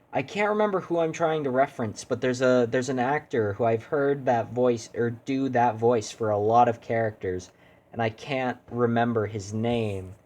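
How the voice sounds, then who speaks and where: A man's voice: medium pitch, darkish tone. A man streaming a video game, chatting casually and critiquing his own attempts at doing voices. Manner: rambling, self-deprecating. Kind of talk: casual gaming stream chat.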